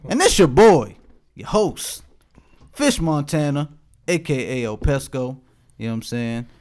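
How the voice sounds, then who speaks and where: A man's voice: mid-range voice, lively intonation, unhurried, a little mellow. A young man hosting a casual podcast, joking in slang and laughing often. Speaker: podcast host.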